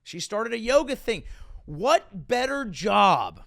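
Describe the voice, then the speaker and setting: A man's voice: sits high, slow pace, gravelly. A man hosting a comedic podcast, ranting with sarcastic, mocking riffs. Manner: sarcastic, mocking, lively riffing. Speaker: comedian and host.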